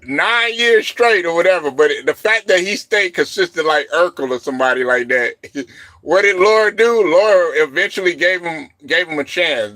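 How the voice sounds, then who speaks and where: A man in his thirties hosts a casual live stream, rambling from one story to the next and laughing often. His voice is bright and sits a little high. The sound is dry and close, with no room around it. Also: dry recording. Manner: rambling, laughs often, shouts quoted reactions. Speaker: show host.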